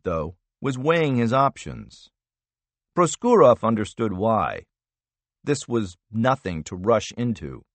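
Man narrating a thriller audiobook, measured, lively pitch, dry close mic. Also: no echo.

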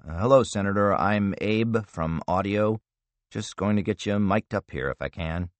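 A man's voice: on the low side, normal speed, no echo, close to an everyday voice. A man voicing a friendly, hesitant middle-aged male sound technician in an audiobook. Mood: polite.

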